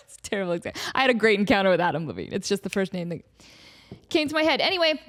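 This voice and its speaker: A woman's voice: medium pitch, very fast. A woman in her thirties hosting her own podcast, chatting casually and bubbly, full of "like" fillers and playful asides. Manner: playful, jumps into excited voices when telling stories. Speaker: podcast host. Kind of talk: casual solo podcast chat.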